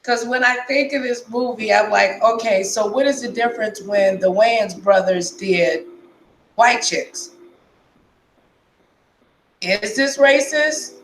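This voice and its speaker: Woman vlogger, casual slow chat to viewers, roomy echo and faint hiss. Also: fairly high pitch. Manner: laughing, slow and chatty. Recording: echoey room with faint noise.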